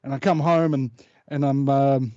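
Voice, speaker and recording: A man's voice: mid-range voice, fairly even intonation, moderate pace, dark tone, dry recording. New man, dull lo-fi call. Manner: rambling storyteller, many hesitations. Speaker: guest. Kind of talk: casual interview chat.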